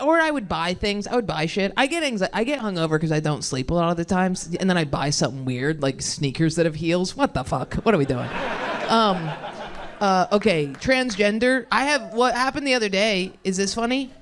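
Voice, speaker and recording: Rambling young woman doing stand-up. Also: mid-range voice. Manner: rambling, self-deprecating, chatty with crowd. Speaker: stand-up comedian. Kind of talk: stand-up comedy set.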